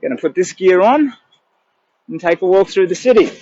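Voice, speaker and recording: A man's voice: sits high, expressive, moderate pace, warm tone, dry recording. An older Australian man vlogging outdoors in a city on a phone camera, talking in a rambling, emotional way, with hesitant restarts. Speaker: charity walker vlogger. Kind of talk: casual live-stream chat. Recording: dull lo-fi phone sound.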